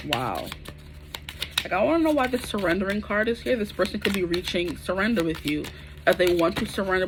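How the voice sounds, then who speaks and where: A woman in her twenties doing a casual, chatty tarot reading to camera, full of slang and animated asides. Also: fairly low pitch, a little hiss or hum. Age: 20s. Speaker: tarot reader.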